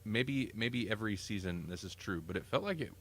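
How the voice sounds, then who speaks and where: A man's voice: fairly low pitch, expressive, a little fast, fairly bright tone, slight background noise. A man hosting a casual podcast chat, rambling and enthusiastic, often correcting himself mid-sentence. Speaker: podcast host.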